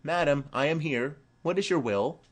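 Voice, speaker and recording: A man's voice: fairly high pitch, normal speed, voice pushed up, close to an everyday voice. A man reading the part of a dutiful teenage girl giving short, polite replies in an audiobook of a play. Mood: demure.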